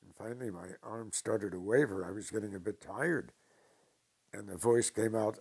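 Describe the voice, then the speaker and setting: Old new york guy, husky raspy voice, slow deliberate storytelling with dry humor. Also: on the low side, a little mellow. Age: older. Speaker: interviewee. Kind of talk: storytelling interview.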